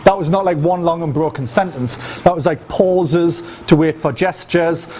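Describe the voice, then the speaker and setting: A fairly high, darkish male voice at a moderate pace, with a little hiss or hum in the recording. He's a dating coach running a casual, profane seminar for a live audience, sprinkling in "right?" and demonstrating as he speaks in a loose, chatty way.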